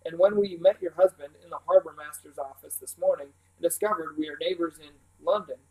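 Brief: man reading smooth, overly courteous yacht owner, old-fashioned phrasing, raised pitch. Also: fairly quick, a little mellow, close to an everyday voice, rough recording.

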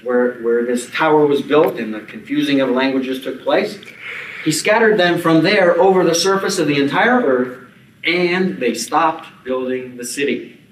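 A man's voice: on the high side, measured pace, a little hiss or hum. A man giving an archaeology conference lecture, mixing academic points with informal asides and dry jokes. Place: conference hall. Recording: echoey hall, mic at a distance.

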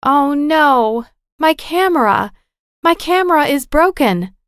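A woman voicing an eager, emotional teenage girl in a storybook reading, with a bright, high, excitable delivery. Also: normal speed, no room sound, clean studio sound. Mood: upset.

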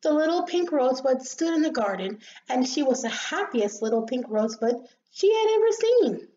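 Lively woman reading a children's story. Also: high voice, normal speed, a little hiss or hum. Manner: expressive, gentle storytelling. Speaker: storybook reader. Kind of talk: children's story read-aloud. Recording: slightly dull lo-fi recording.

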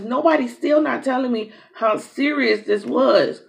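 A woman's voice: a little high, a little slow, creaky. Woman chatting a storytime while she eats, drawls and does all the voices. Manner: animated storyteller acting out dialogue, drawling. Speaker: mukbang host. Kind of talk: casual storytime while eating.

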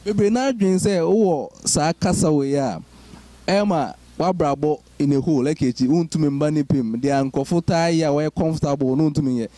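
Guy interviewing someone, mixes twi and english, kinda high mellow voice. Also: a little fast, no echo. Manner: asks questions, code-switching between Twi and English.

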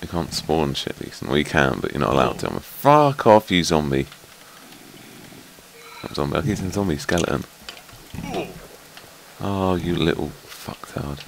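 A man's voice: very deep voice, animated, normal speed, creaky, long pauses, a little hiss or hum. A man playing a game with a friend, swearing a lot and raging at the enemies that keep killing him. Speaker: gamer. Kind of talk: casual gaming chat.

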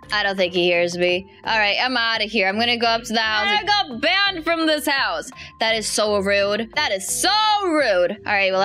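A woman's voice: mid-range voice, sharp tone. A woman giving playful, chatty let's-play commentary as she plays, laughing often. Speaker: gaming YouTuber.

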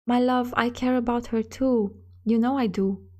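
A woman's voice: fairly high pitch, fairly even intonation, normal speed, dark tone, lightly acted. A woman reading the part of a middle-aged male sheriff, heavy with guilt and self-reproach, in a storybook reading. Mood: tender.

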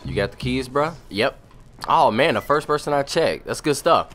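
A young man riffs and jokes through a let's-play in loud, profane bursts. His pitch swings widely, from low mutters to sudden high yells. Music plays faintly behind him. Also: animated, normal speed. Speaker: gaming commentator. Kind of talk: casual let's-play commentary.

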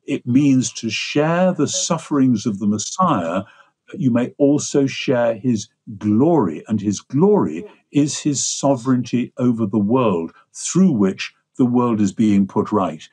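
A man's voice: medium pitch, expressive, unhurried, a little mellow, breathy edge. An older man with an English accent, explaining ideas at length in a discursive, lecturing way as an interview guest. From England. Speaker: guest theologian.

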